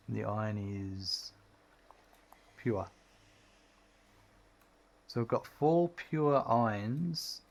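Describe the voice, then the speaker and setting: A middle-aged man giving relaxed, chatty commentary while streaming a game. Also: lowish voice. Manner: relaxed, chatty, talks to his dog in a sing-song voice. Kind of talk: casual gameplay commentary.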